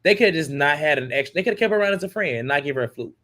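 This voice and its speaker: Male co-host, fairly high-pitched, chatty and loose, casual recap talk. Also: animated, fairly bright tone. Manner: chatty, laughing, drawn-out asides. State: yawning. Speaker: podcast co-host.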